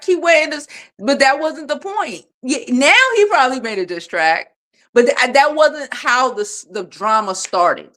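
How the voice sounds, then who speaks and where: A woman's voice: sits high, normal speed. A woman hosting a casual livestream from her phone, talking bluntly and with plenty of swearing while she reads out viewer comments. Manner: blunt, profane, animated. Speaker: livestream host.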